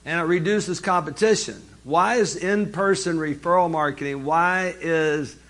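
Lively, higher-voiced male seminar speaker. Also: a little slow. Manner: lively, jokey, addresses the audience directly. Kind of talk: live business seminar talk.

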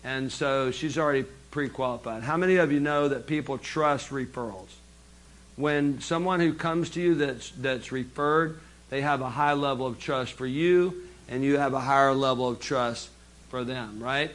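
A man giving a live business seminar, lively and jokey, speaking straight to the audience. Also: medium pitch, moderate pace.

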